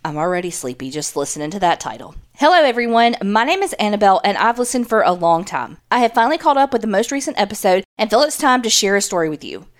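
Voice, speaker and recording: A woman co-hosting a podcast, reading listener stories aloud and chatting casually, animated and quick to laugh, swearing now and then. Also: mid-range voice. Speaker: podcast co-host.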